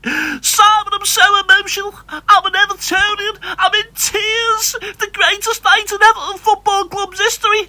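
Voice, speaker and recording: A man's voice: very high-pitched, bright, forceful tone, full character voice, poor audio. A man voicing a tearful, overjoyed male Everton fan calling in. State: crying.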